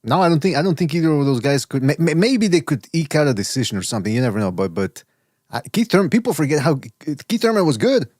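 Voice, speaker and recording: A man's voice: fairly high pitch, sing-song, fast talker, a little mellow, no echo, studio quality. A man co-hosting a boxing podcast in casual chat, rambling with many stammers and restarts. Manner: rambling, stammers and restarts, mimics others' voices. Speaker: podcast co-host.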